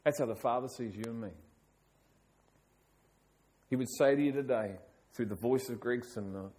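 Middle-aged guy preaching a sermon, emphatic, keeps repeating phrases, regular pitch. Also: moderate pace, long pauses, dark tone. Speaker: pastor.

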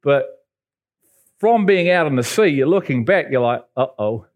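A man from England, preaching a sermon and telling stories with sudden high jumps in pitch. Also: lively intonation, moderate pace. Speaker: pastor.

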